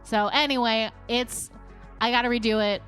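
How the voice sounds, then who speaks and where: A woman's voice: on the high side, steady tone, normal speed, a bit bright, soft background music. A young woman streamer chatting casually with her live viewers, rambling and laughing often.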